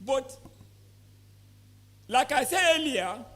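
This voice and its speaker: A man's voice: extremely high pitch, animated, slow, fairly bright tone. A man with a Nigerian English accent giving an emphatic conference talk to poultry farmers, often quizzing the audience with repeated questions. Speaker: poultry expert presenter. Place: conference hall.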